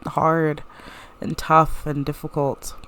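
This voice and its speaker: A woman voicing a preppy, cutesy young woman who fusses over her little brother in a life-sim game, bubbly and gushing, pitched above her own voice. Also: flat delivery, takes it slowly, fairly bright tone. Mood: eager. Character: preppy cutesy excited young woman, doting older sister.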